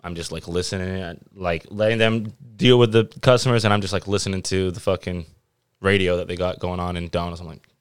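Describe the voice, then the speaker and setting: A man's voice: deep voice, fairly even intonation, fast, smooth, no echo, studio quality. A man hosting a podcast, telling a long story in a laid-back, casual way and swearing freely. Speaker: podcast host. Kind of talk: casual chat.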